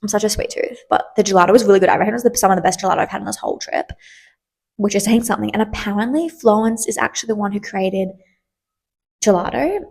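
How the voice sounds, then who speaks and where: A young woman in her twenties hosts a solo podcast in a loose, candid chat. Her voice has a gravelly, fry-edged texture at a mid pitch, and she rambles along with plenty of fillers and the odd swear word. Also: fast talker, darkish tone. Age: 20s. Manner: chatty, candid, lots of fillers and casual swearing. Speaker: podcast host.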